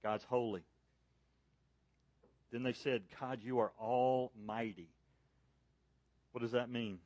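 A man's voice: fairly even intonation, measured pace, dry recording, highs cut off. Emphatic man preaching, dry sound. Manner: emphatic, climbing loud and high on key points, dropping soft in prayer. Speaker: pastor. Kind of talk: sermon. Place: church service.

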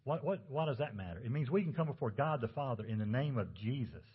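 A man's voice: mid-range voice, expressive, fast talker, slightly rough, highs cut off. A man preaching a sermon as pastor, talking conversationally and asking the congregation rhetorical questions.

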